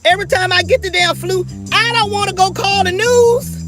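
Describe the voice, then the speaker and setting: A woman's voice: very high voice, normal speed, over loud music. A middle-aged woman, ranting fierily and profanely on her livestream and talking straight to her viewers. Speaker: livestream host. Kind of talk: livestream rant.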